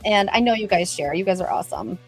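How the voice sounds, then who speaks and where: A woman's voice: medium pitch, fast talker, faint music behind. A middle-aged woman hosting a casual livestream, chatty and bubbly, greeting viewers by name. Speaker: livestream host.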